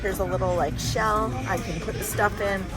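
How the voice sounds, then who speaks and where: A woman's voice: medium pitch, steady tone, moderate pace, over a noisy crowd. A woman hosting a casual travel vlog, chatty and frank, complaining with humor. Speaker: vlog host. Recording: music playing underneath.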